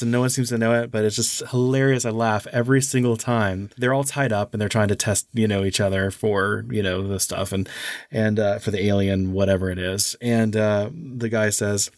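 A man's voice: lowish voice, no echo. Chill guy cohosting a podcast, rambling, dry close mic. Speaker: podcast co-host. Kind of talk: casual chat.

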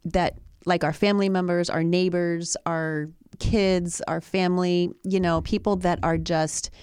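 A woman's voice: fairly low pitch, fairly even intonation, unhurried, a little mellow, smooth, dry recording, clean studio sound. A woman in a talk show, telling a personal story in an earnest, reflective way with many restarts. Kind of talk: conversational storytelling.

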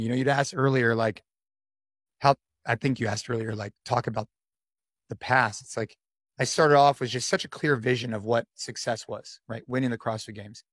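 Energetic middle-aged man, dry sound. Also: medium pitch, no room sound. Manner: energetic, coach-like, peppered with "dude" and "man". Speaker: podcast guest, gym owner. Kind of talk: casual interview conversation.

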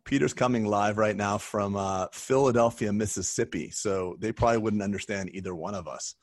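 A man's voice: fairly low pitch, brisk. A man hosting a dental podcast, upbeat and teasing, often laughing. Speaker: podcast host, dentist. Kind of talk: casual podcast chat.

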